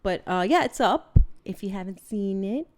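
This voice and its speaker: A young woman co-hosting a podcast in casual chat, talkative and quick to laugh. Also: medium pitch, expressive. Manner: chatty, laughs often. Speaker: podcast co-host.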